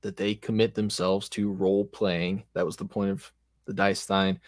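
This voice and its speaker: A man with a lowish voice chats casually as a show host, rambling and poking fun at himself. The sound is close and dry, with no room around it. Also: level tone, normal speed, dry recording. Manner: rambling, self-deprecating. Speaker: podcast host and game master. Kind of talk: casual chat about tabletop games.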